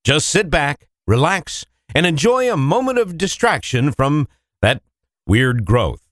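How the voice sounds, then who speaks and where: A man's voice: a little high, very animated, measured pace, fairly bright tone, no echo. A man reading a scripted, mock-reassuring podcast disclaimer in a dry manner. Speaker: disclaimer announcer. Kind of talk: scripted deadpan announcement.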